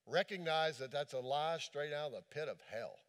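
A man preaching as a pastor, impassioned in the sermon and then hushed and gentle as he leads a prayer. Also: a little high, normal speed. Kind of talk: sermon with altar call prayer.

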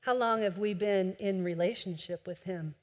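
A woman preaching a sermon with impassioned delivery, swinging between loud urging and a soft hush. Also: mid-range voice, moderate pace. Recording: long hall reverb.

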